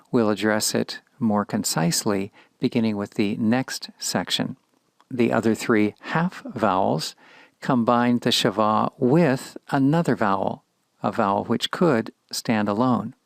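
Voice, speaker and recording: Slow, gravelly-voiced man teaching grammar. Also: mid-range voice, no room sound. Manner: slow, measured, explanatory. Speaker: Hebrew teacher. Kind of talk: recorded grammar lecture.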